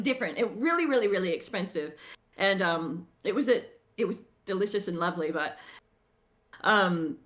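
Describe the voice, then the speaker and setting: A middle-aged Australian woman with a slight American twang co-hosts a podcast, chatting casually and rambling with many restarts and repeated words. Her voice is medium-pitched and a bit bright.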